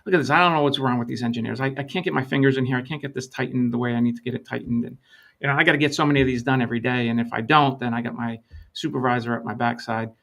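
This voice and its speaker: A man's voice: medium pitch, fairly even intonation, very fast, creaky, a bit bright. A man voicing a frustrated veteran assembly worker who complains bluntly while telling a story.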